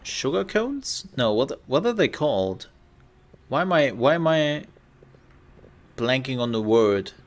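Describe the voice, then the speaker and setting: A man's voice: mid-range voice, big pitch swings, a little slow, long pauses. A man casually commenting while streaming a video game, playful and rambling, joking to himself.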